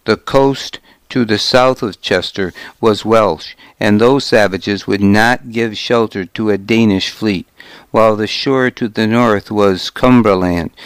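A man reads a first-person historical tale with a slow, deliberate pace. His voice sits somewhat low and is smooth and clear. It is recorded close and dry, with no room sound. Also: no room sound. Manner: measured, steady storytelling. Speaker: audiobook narrator. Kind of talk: first-person scripted narration.

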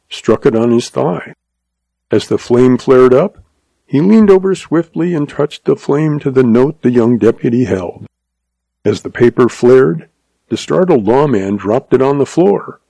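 A man narrating a western story in a steady, measured audiobook reading. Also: mid-range voice, vocal fry, no echo.

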